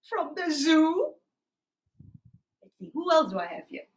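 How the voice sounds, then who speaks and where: Her voice sits high with big pitch swings and a measured pace as this young Malaysian teacher leads a livestreamed class for small children. She exclaims and sing-songs her way through, recorded on a phone or camera.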